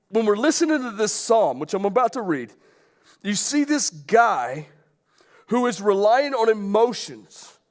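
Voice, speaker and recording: A man delivering a sermon, his voice sitting high for a man. He talks to the congregation directly, asks rhetorical questions and reads scripture aloud. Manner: conversational preaching with rhetorical questions. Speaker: pastor.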